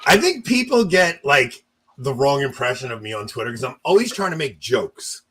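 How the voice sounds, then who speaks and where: Man, casual storytelling chat, husky, lively rising and falling pitch, jokey. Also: normal speed, rough recording. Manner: joking, animated, acts out others' lines. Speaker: podcast co-host.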